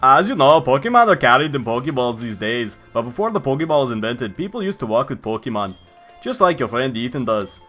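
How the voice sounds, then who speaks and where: A fussy, bumbling Pokemon professor speaks in a clumsy fake Swedish accent, put on by a man. He tacks "yeah" onto his lines. The voice is bright and sharp, with faint music underneath. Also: medium pitch, big pitch swings. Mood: eager. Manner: deliberately poor mock-Swedish accent, tags lines with "yeah". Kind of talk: let's play character voice.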